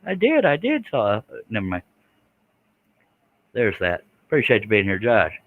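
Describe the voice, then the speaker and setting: A man's voice: on the low side, huge pitch swings, normal speed, narrow, tinny audio. Folksy man hosting a livestream. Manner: folksy, chatty, reads out viewer comments. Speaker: scroll saw livestream host. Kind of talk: casual livestream chat while working.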